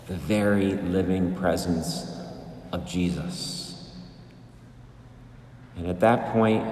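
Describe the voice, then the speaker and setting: A man preaching a sermon as a priest, slow and measured with drawn-out pauses, in a large church. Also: deep voice. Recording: echoey church with long reverb.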